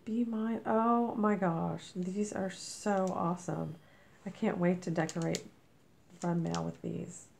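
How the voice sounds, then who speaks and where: A woman vlogger, a little under the weather, gushing as she opens mail, with a squeaky voice. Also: fairly even intonation, slow, vocal fry, a little mellow, a little hiss or hum. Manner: gushing, effusive. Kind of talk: casual unboxing chat.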